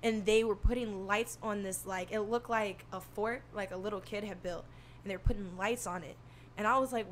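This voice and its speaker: Young woman, soft-spoken, casual storytelling, animated, swears a lot, mid pitch. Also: fairly quick, slight background noise. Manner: animated, swearing, acts out quotes.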